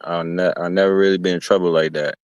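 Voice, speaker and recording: Low-voiced man streamer, rambling and profane in casual storytelling, dry sound. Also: fairly even intonation, fast talker, darkish tone, smooth, no echo. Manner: slangy, profane, meandering with restarts.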